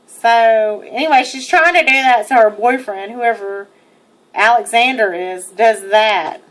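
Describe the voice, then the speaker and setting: A young woman with a fairly high voice, speaking a little slowly, narrates video of her own arrest. Her first-person account is indignant and emphatic, and she swears freely.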